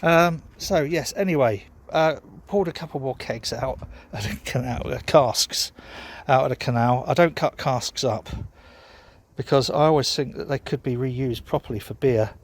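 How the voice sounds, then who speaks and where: A man's voice: medium pitch, normal speed. A man chatting casually in a rambling, sweary, self-mocking way, vlogging from his garden. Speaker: home brewer vlogger. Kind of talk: casual rambling vlog chat.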